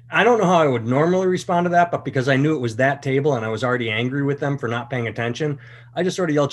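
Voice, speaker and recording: A man hosting a podcast, a comedian telling a story in casual chat and breaking into loud, lively voices when he quotes people. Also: medium pitch, rapid-fire. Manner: storytelling, animated when quoting others.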